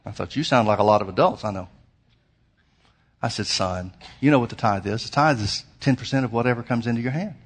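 A man's voice: mid-range voice, brisk. Earnest male pastor telling a story. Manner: earnest storytelling, grows excited and emphatic. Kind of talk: sermon with personal story.

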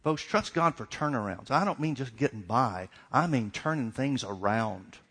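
Man, middle-aged, pastor, sermon, conversational preaching, acts out dialogue, medium pitch. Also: animated, normal speed, fairly bright tone, breathy edge. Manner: conversational preaching with repeated questions and acted-out dialogue.

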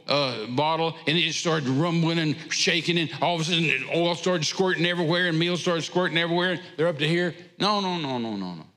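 A man's voice: fairly high pitch, fairly bright tone, big-room sound. A man preaching a sermon, retelling scripture with an emphatic, repetitive cadence. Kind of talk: sermon storytelling. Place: church sanctuary.

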